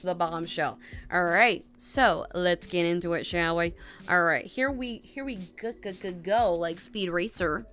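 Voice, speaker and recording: A woman's voice: medium pitch, bright, forceful tone. A young woman hosting a casual tarot and astrology livestream, rambling and chatty with lots of fillers and restarts. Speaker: tarot reader.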